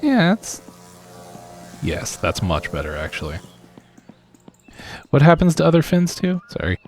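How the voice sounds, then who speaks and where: A male game streamer talks his way through play in a loose, rambling manner. He pokes fun at himself and laughs often. His voice is gravelly and his pace is slow and unhurried. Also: on the high side, wildly swooping pitch, a little mellow. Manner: rambling, self-deprecating, chuckles often. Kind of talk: casual live-stream chat while playing.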